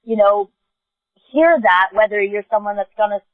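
A woman's voice: mid-range voice, normal speed, dry recording. New York woman guest, earnest, emphatic, tinny phone line, dry sound. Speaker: guest, advocacy organization co-founder. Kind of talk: earnest podcast interview.

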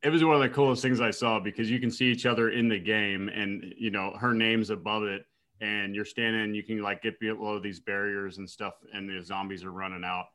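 A man co-hosting a podcast, telling a story in casual chat and acting out quotes with big jumps in his voice. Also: fairly quick. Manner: animated, acts out quotes with big pitch jumps. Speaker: podcast co-host.

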